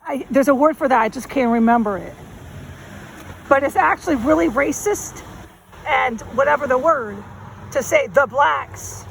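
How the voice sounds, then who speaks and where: A woman's voice: high-pitched, normal speed, vocal fry, long pauses. A woman rambling emphatically in casual slang as she walks a city street and films a vlog on her phone. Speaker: vlogger. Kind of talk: walking vlog monologue. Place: city street outdoors, walking. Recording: faint street noise outdoors. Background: street noise and passing traffic.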